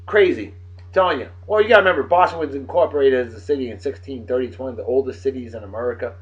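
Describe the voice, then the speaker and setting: Racing along in a mid-range voice, the host of a daily beer video reads this-day-in-history facts and cracks profane jokes. He is from Martha's Vineyard and has a Massachusetts accent, and the recording is dull and lo-fi.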